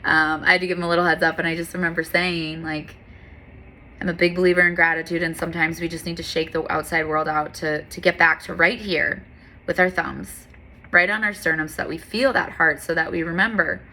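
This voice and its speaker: A woman's voice: on the low side, fairly even intonation, a little fast, bright, forceful tone, slight background noise. A woman yoga instructor talking in an earnest, candid, heartfelt monologue, with frequent fillers.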